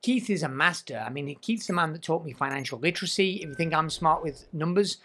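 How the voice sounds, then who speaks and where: A man's voice: fairly high pitch, animated, fast talker, a bit bright. A man hosting a podcast in a studio, talking in an emphatic, enthusiastic way. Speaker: podcast host. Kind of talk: casual podcast chat.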